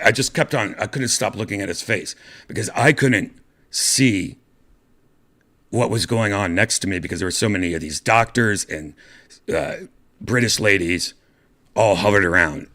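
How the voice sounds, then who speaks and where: Male host, middle-aged, low voice, animated casual storyteller. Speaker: podcast host.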